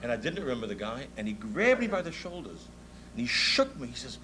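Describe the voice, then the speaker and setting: A man in his fifties with a New York accent, a music promoter, gives an anecdotal speech as an animated storyteller who laughs often. His voice is a little high and a little fast. The audio is poor, with slight background noise.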